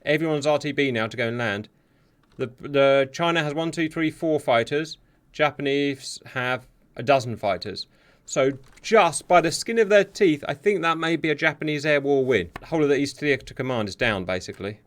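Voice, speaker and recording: A man commentating on a simulated air and sea battle, excitable and sarcastic, talking straight to his viewers. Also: a little high, moderate pace. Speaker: war game commentator. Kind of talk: live gameplay commentary. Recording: steady hiss behind the voice.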